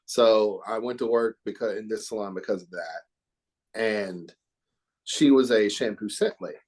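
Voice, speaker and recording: A man's voice: fairly low pitch, moderate pace, a little mellow. A middle-aged man from Oklahoma, a hair educator talking as a podcast guest in an earnest, reflective, emphatic way. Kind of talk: podcast interview chat.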